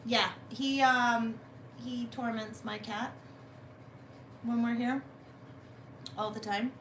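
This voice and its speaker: Slow-talking woman vlogger in an echoey room. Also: on the high side, steady tone, a bit bright, slight background noise. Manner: chatty, swearing, drawn-out complaining. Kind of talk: casual vlog chat. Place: at home indoors.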